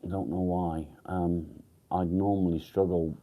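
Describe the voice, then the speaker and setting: A man chats on his morning live stream, still half awake. His voice sits very deep and dark, and he talks slowly, meandering through fillers and casual swearing. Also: little pitch movement. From England. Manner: groggy, rambling, mumbled fillers and swearing. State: groggy, just woken up. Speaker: livestream host.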